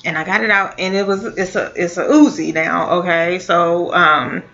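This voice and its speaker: A woman telling a personal story in a casual, halting way, with many fillers and restarts. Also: on the low side, steady tone, a bit bright. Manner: halting, full of fillers and restarts, laughs now and then. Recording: dull lo-fi audio.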